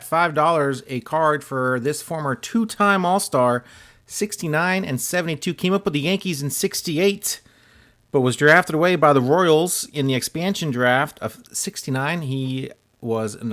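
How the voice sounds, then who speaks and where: A man's voice: a little high, fairly bright tone. A man vlogging about his sports card mail, talking casually with lots of filler words and wry, self-deprecating humor. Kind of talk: casual chat while opening mail.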